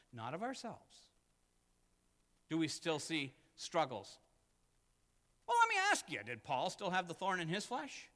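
A man preaches in a church, his fairly high voice carried by a long hall reverb. He swings between loud, emphatic peaks and hushed, intimate asides. This is full sermon delivery. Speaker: pastor.

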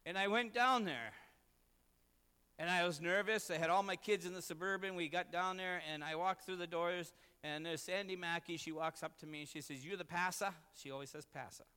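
Earnest pastor in a reverberant church. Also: male voice, high-pitched, fairly quick, bright, forceful tone, clear, resonant tone. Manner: storytelling, earnest and self-deprecating. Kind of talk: sermon.

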